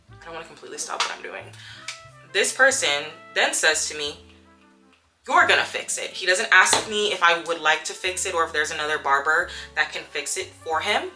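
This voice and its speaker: A young woman recounting a confrontation at work in a vlog, telling it with animated storytelling and acting out the quotes. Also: sits low, normal speed. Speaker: vlogger. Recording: soft music underneath.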